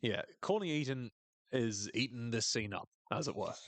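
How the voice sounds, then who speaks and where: A man's voice: medium pitch, animated, normal speed, no echo. A man co-hosting a podcast, recapping a TV episode in a casual, wry way and acting out quotes. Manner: dry, wry humor, reads quotes in a voice.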